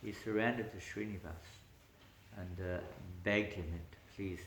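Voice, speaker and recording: A man, a spiritual teacher, telling a story in an animated lecture, often chuckling. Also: on the low side, a little slow, slight background noise. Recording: echoey room.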